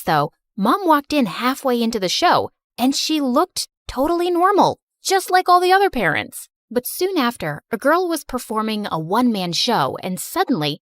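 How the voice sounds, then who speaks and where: A young adult woman giving expressive, emotional first-person narration of an animated story. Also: fairly high pitch, no echo, clean studio sound.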